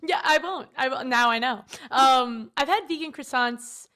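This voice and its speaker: A woman's voice: high voice, unhurried, sharp tone. A young American woman chatting casually as a podcast guest, laughing often and filling her talk with fillers. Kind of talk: casual chat.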